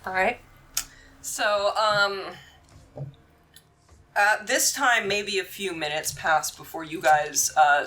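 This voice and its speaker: Bright-toned woman game master. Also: deep voice. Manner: casual, halting, with many fillers while narrating. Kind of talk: narrating a tabletop game.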